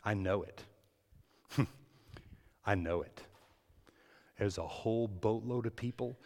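A man preaching a sermon as pastor, swinging between soft words and loud, impassioned stretches. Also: lowish voice, takes it slowly, pauses often, big-room sound. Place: church.

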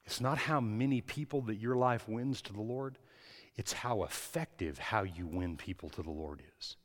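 A man preaching a sermon as pastor, swinging between soft words and loud, impassioned stretches. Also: fairly low pitch, moderate pace, in a large hall. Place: church.

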